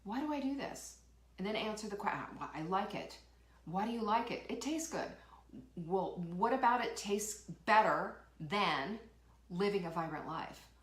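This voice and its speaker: A woman's voice: mid-range voice, lively intonation, normal speed. Woman host, emphatic motivational talk, lots of rhetorical questions, roomy echo. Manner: reads out viewer comments and laughs. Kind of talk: live motivational show talk.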